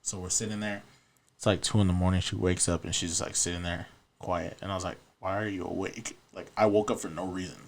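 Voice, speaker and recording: Low-voiced man in his thirties, earnest casual storyteller, faint hiss behind. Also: fairly even intonation, fast. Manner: earnest, matter-of-fact storyteller. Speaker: podcast guest, paranormal investigator.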